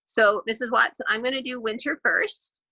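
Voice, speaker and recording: A woman teaching a grade two class in an online lesson, clapping out syllables slowly and clearly. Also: a little high, bright, forceful tone, poor audio.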